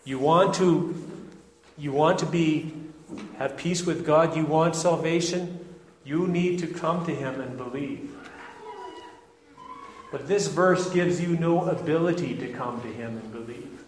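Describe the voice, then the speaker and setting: A man's voice: on the high side, slight background noise. Earnest preacher man in echoey hall. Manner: earnest and deliberate, with frequent restarts. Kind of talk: expository sermon. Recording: echoey hall with faint ambience.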